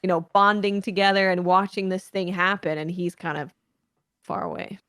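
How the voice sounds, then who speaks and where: A woman's voice: lowish voice, moderate pace, no room sound, studio quality. A woman co-hosting a casual podcast, retelling her reactions with playful quoted asides. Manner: animated, acts out quoted reactions. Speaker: podcast co-host. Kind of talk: casual chat.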